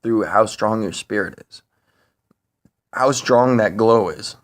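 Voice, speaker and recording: A man talking to camera in a rambling, profane monologue, full of fillers and restarts, getting higher and louder when he is worked up. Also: slow pace. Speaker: vlogger. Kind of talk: casual monologue.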